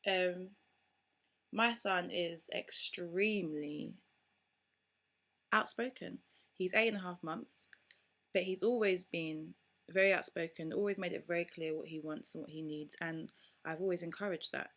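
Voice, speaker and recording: A young woman, a mother vlogging to camera in casual, outspoken and animated talk. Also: lowish voice, a little slow, long pauses. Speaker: parenting vlogger.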